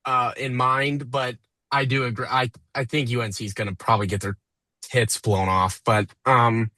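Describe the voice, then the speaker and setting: A man's voice: medium pitch, level tone, normal speed, sharp tone, no room sound, rough recording. A man co-hosting a sports betting podcast, rambling and casual with some swearing. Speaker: podcast co-host.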